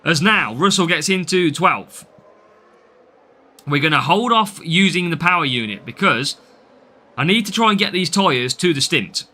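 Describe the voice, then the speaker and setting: A man's voice: on the high side, lively intonation, moderate pace, long pauses, sharp tone. A man from the English Midlands with a Midlands accent, chatting through a live game stream and answering viewers' comments as he plays.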